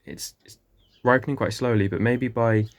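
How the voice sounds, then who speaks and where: An English gardening vlogger walks viewers through his small greenhouse in a rambling, casual tour, peppered with ums and self-corrections. His voice is medium in pitch and moves at a normal speed.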